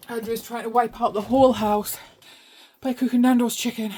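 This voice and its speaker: A woman's voice: fairly high pitch, flat delivery, moderate pace, warm tone, breathy edge. Chatty woman sorting cash. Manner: chatty, talks to herself while sorting money. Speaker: budgeting vlogger. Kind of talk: casual chat while cash stuffing. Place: home desk.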